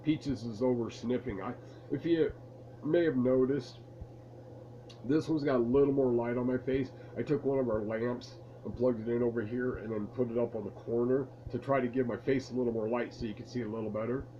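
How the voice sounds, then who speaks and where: A man's voice: medium pitch, steady tone, fairly quick, warm tone, highs cut off, a little hiss or hum. A man casually telling a rambling, amused story to camera in a room at home. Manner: laid-back, rambling, amused. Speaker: vlogger telling stories from his past. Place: room at home lit by a lamp.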